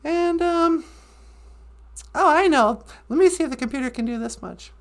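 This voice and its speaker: A woman's voice: high voice, normal speed. A woman co-hosting a casual, playful podcast, goofing around and making beeping computer noises. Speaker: podcast co-host.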